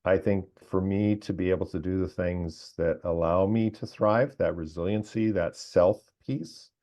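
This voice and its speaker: A man who works as a coach, speaking in a measured, thoughtful way as a podcast guest. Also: sits low, dark tone. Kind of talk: reflective casual chat. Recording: dull lo-fi audio.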